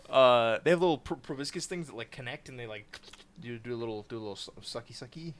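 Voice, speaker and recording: A man co-hosting a casual podcast chat, excitable, laughing often and explaining trivia at length. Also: medium pitch. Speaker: podcast co-host.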